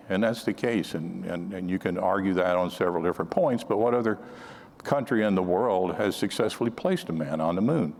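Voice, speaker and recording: Older guy giving a talk in a big echoey hall, lowish voice, chatty and storytelling, keeps restarting his sentences. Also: brisk, a little mellow. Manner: anecdotal, conversational, frequent restarts. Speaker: conference speaker on counterintelligence.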